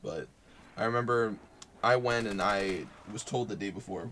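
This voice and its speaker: A young man talking unscripted about his own life, halting, with lots of fillers and casual swearing. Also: lowish voice, a bit bright, slight background noise. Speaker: vlogger. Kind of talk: unscripted personal talk.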